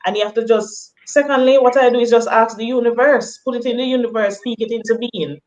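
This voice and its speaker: A woman guest on a live chat, giving measured advice step by step. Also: a little high, steady tone, darkish tone, poor audio.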